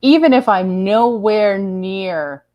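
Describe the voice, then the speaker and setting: Soft-spoken woman, upstate New York accent. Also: medium pitch, slow pace, muffled recording. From upstate New York, USA. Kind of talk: casual live-stream chat.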